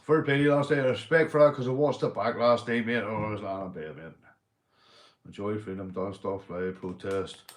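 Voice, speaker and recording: A man's voice: normal speed, echoey room. Northern Irish man chatting on a livestream. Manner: swings from loud shout-outs to low, gruff muttering, swears freely. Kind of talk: casual livestream chat.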